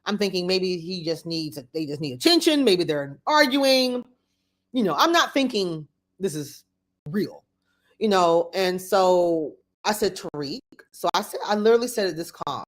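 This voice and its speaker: A woman's voice: on the low side, very animated, normal speed. Middle-aged woman telling a personal story. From Florida. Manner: conversational, repeats herself, quotes others aloud. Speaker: podcast host.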